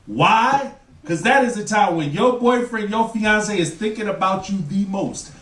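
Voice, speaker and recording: At a measured pace, a high-voiced man performs stand-up on a club stage, chatting with the audience and doing voices for the people he mocks. The mic sits far away in a roomy space, and a loud crowd fills the background with laughter and applause.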